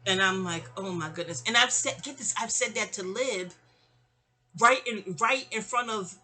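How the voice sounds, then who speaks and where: A woman's voice: fairly high pitch, unhurried, sharp tone. A middle-aged woman telling a long personal story in a casual, rambling way, often digressing. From New York.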